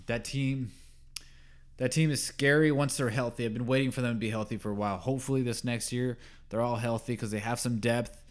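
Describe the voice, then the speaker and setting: This podcast host works alone on a sports show, rambling through his opinions with plenty of filler words and false starts. As he heats up, he gets louder and higher-pitched.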